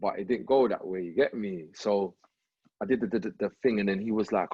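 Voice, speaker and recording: Husky low-voiced man telling stories. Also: fairly quick, no room sound. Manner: relaxed slangy anecdote telling, frequent "you get me". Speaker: rapper and actor guest. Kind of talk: casual storytelling interview. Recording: slightly muffled podcast recording.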